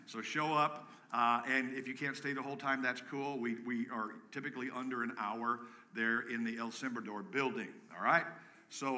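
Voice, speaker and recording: A man preaching a live sermon to his congregation, energetic and joking, rallying the room with calls and shouts. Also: mid-range voice. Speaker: pastor. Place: church sanctuary with a congregation.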